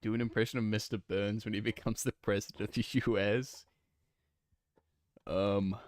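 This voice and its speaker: A man's voice: on the low side, flat delivery, fast talker, no echo. A young man streaming a game, chatting casually and laughing, flustered and rambling. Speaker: gaming streamer.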